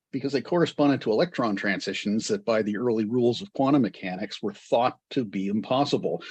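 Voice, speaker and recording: A man's voice: medium pitch, a little mellow, husky, no room sound. A man giving an astronomy history lecture to a club, digressive and full of wry asides.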